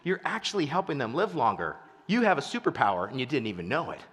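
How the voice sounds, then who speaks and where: A man telling stories in a keynote speech, goofy and animated, acting out the people in them. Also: mid-range voice, fast talker, husky, long reverb tail. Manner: animated, goofy storyteller who acts out voices. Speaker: keynote speaker.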